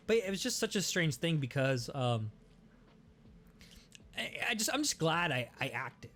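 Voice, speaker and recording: A young man hosting a podcast, telling a story in a casual, animated way, swearing often and restarting his sentences. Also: fairly high pitch, a little slow, long pauses, a little hiss or hum. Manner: animated, profane, many restarts. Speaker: podcast host.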